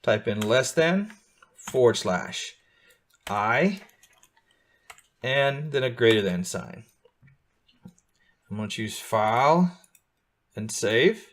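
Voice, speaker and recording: A man's voice: medium pitch, very animated, slow, pauses often. A middle-aged man teaching beginners to code, walking through steps patiently and often checking that his students are keeping up. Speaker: coding teacher. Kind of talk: live beginner coding lesson.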